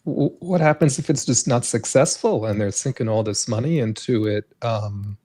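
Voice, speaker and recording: Measured man co-hosting a chat. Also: mid-range voice, dark tone. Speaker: co-host. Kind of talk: casual livestream chat.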